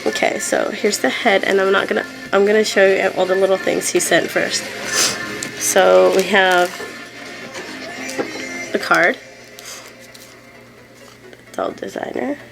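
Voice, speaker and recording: Giggly young woman vlogging from home, bubbly and excited, says like a lot, music playing behind her. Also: medium pitch, measured pace, vocal fry, pauses often, poor audio. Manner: bubbly and giggly, lots of 'like' fillers. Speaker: doll collector vlogger. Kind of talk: casual unboxing chat. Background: background music.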